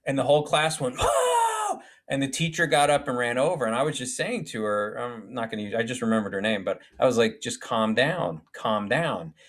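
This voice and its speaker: Man, podcast guest, filmmaker, animated storytelling, medium pitch, casual swearing. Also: fast talker, few pauses.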